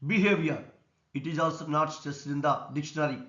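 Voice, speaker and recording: A man with an Indian English accent teaching an English lesson on word stress, explaining slowly and deliberately. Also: fairly high pitch, a bit bright. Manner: slow, deliberate explanation, repeating words and stress rules. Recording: echoey room, dull lo-fi sound.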